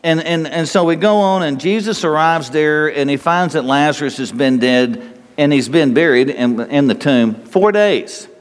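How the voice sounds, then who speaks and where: A man's voice: on the high side, normal speed, clear, resonant tone. Folksy preacher guy chuckling thru his sermon, lotsa reverb like a big church. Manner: folksy, chuckling, rhetorical questions. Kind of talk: conversational sermon. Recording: long hall reverb.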